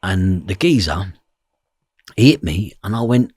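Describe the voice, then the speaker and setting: A man's voice: low voice, lively intonation, a little slow, darkish tone, husky, no room sound, clean studio sound. A man telling a story from his past, blunt and swearing freely, often asking "do you know what I mean". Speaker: podcast guest. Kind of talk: personal storytelling.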